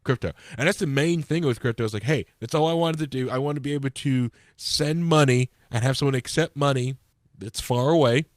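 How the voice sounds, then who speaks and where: A man co-hosting a political podcast in casual chat, rambling and building up steam as he talks. His voice sits at a middle pitch. The sound is dry and close. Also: fairly quick, no room sound. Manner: rambling, gets worked up and loud. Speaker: podcast co-host.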